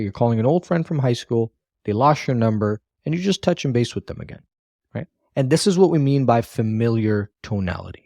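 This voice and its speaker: Male sales trainer, mid-pitched coaching voice, dry close recording, lecture delivery with frequent check-ins. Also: darkish tone, no echo.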